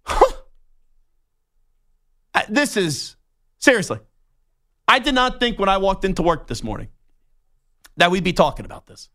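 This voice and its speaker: A man's voice: high-pitched, huge pitch swings, a little slow, pauses often, sharp tone. A young adult man hosting a sports talk show, ranting in an indignant, worked-up way. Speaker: sports radio host. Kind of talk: heated talk-show rant.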